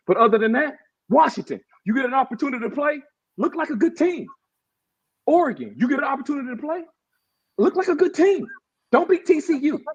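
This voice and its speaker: A man's voice: sits high, breathy edge. A man co-hosting a podcast, delivering a heated, emphatic sports-talk rant and calling the others "bro". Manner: fired up, emphatic, says bro and y'all often. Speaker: podcast co-host. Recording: dull lo-fi audio.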